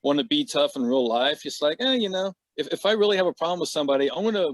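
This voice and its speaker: A man's voice: on the high side, animated, fast, no echo. A middle-aged man talking frankly and casually as a podcast guest, laughing at himself and swearing now and then. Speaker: podcast guest, martial artist.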